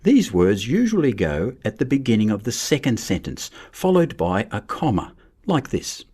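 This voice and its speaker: A man giving a measured, scripted narration for a lesson on writing. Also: mid-range voice, very animated, warm tone, slightly rough. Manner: measured, explanatory. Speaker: teacher.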